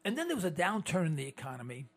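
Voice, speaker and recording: A man's voice: on the high side, huge pitch swings, very fast, husky. A man giving an indignant, rambling monologue as a host, often restarting his sentences. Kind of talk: monologue to listeners.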